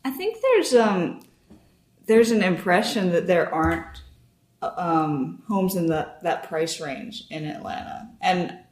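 A woman hosts a casual interview, her questions easygoing and full of little pauses and fillers. Her voice is on the low side, and the room adds a noticeable echo. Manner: relaxed, hesitant questions with fillers. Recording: roomy echo.

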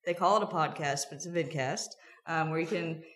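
A woman's voice: deep voice, fairly quick, fairly bright tone, roomy sound. A woman co-hosting a podcast, chatty and playful, teasing the others in casual banter. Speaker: podcast co-host.

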